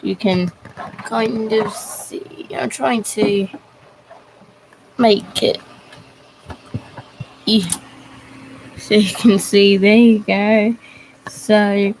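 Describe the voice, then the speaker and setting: Young woman, live-stream chatter, slow and rambling, mid-pitched, faint room hum behind. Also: gravelly, rough recording. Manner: slow, rambling and halting, talking to chat. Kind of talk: casual live stream chat.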